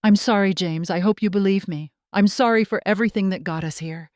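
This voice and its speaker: A woman voicing a middle-aged ex-wife who talks softly, pleading and apologetic. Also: medium pitch, a little fast, no echo, studio quality, lightly acted. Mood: remorseful.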